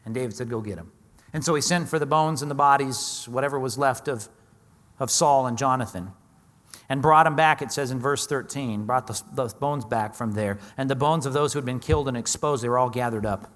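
A man's voice: medium pitch, fairly quick, a bit bright, long reverb tail. A man preaching a sermon in an easy, conversational way, acting out quoted voices with plain humor. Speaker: pastor.

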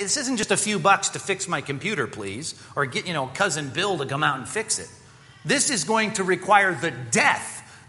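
A male pastor delivers an animated sermon in a bright, fairly high voice. He leans into sarcasm and acts out the voices he quotes. His voice rings out with a long reverb, as in a large hall.

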